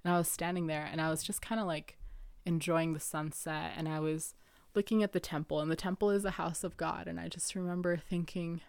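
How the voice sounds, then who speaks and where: A woman's voice: fairly low pitch, steady tone, brisk, gravelly, darkish tone, no echo. A young woman hosting her own show, talking earnestly and personally in a rambling way, laughing now and then and using lots of fillers. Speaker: podcast host. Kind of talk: personal reflective monologue.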